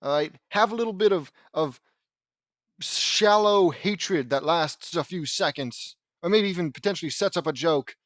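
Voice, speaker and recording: A man breaks off from reading fan fiction to make sarcastic, mocking asides. His voice sits slightly high. The recording is dry and close. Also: moderate pace, fairly bright tone, dry recording. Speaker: audiobook reader and commentator.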